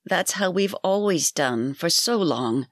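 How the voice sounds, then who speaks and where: Scheming old crone with a hissing, wheedling edge, pitch sitting in the middle, as a storyteller puts her on; storybook reading, close and dry. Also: animated, unhurried, fairly bright tone, no echo. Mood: coaxing.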